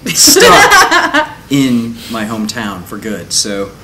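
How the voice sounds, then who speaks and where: A male actor chatting in a relaxed, laid-back way during a press interview. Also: mid-range voice, slow pace. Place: busy convention venue. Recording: noisy convention hall.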